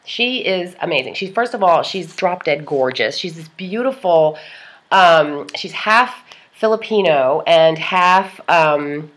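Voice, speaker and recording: A woman's voice: fairly low pitch, animated, slow pace, a bit bright. A woman rambling casually in a personal vlog, chatty and jokey, laughing often between thoughts. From part Lithuanian. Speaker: vlogger.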